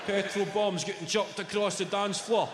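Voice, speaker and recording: A man's voice: high-pitched, fairly even intonation, moderate pace, noisy background. A middle-aged Scottish man doing a stand-up comedy set, sweary and punchy, bantering with the crowd. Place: large theatre stage. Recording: echoey live theatre with long reverb. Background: loud audience laughter.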